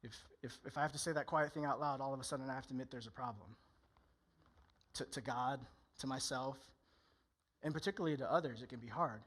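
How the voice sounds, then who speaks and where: A man's voice: mid-range voice, quick pace, a bit bright, husky. A male pastor preaching a candid, conversational sermon in church, often acting out people's inner voices.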